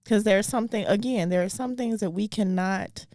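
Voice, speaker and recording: A woman's voice: mid-range voice, a little fast, a little mellow, no echo, studio quality. A woman co-hosting a casual chat, talking through faith in an earnest, thoughtful way. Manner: earnest, thoughtful, gets briefly emotional. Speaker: comedian and co-host.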